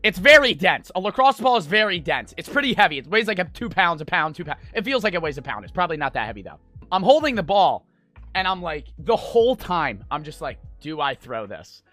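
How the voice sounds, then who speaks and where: A man's voice: sits high, big pitch swings, fast, bright, forceful tone, soft background music. A young man streaming, telling a rambling, profane story to his chat. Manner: rambling, profane, full of fillers.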